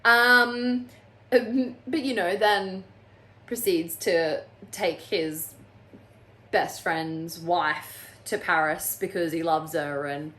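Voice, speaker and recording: A woman's voice: lowish voice, extremely slow, sharp tone. A woman reviewing a book on her channel in a casual, sarcastic and exasperated way, often mocking the characters.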